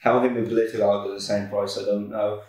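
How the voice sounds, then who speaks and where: Casual male racing tipster, low voice, laid-back, many ums, recorded far off in an echoey office. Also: little pitch movement, fast, darkish tone. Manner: laid-back, filler-heavy, self-correcting. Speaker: podcast co-host, racing tipster. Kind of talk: casual chat. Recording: echoey room, far from mic.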